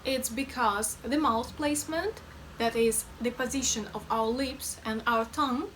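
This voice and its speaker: A woman's voice: on the high side, steady tone, a little slow, a little hiss or hum. A woman with a Russian accent teaching a pronunciation lesson, chatty and playful, who repeats sounds over and over in drills. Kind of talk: slow, careful pronunciation lesson.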